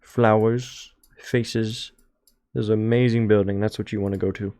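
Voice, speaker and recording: A man's voice: fairly low pitch, little pitch movement, normal speed, mellow, no echo. Rambling young man, dry close sound. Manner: rambling, joking, trails off. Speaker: streamer. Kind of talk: casual chat over travel photos.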